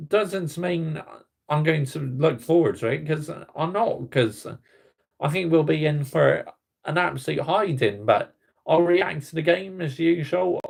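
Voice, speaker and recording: Gravelly, heated football fan. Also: male voice, on the high side. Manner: heated and blunt, swearing, talking to chat viewers. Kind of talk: casual livestream rant.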